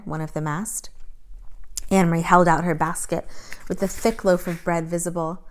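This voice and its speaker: Low-voiced woman reading a story aloud. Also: fairly even intonation, normal speed. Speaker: teacher reading to a class.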